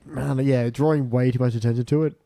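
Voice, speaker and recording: Man, podcast panelist, jokey casual chat, mellow dark tone, dry close sound. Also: medium pitch, steady tone, fast, gravelly, dry recording. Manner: jokey, slips into impressions.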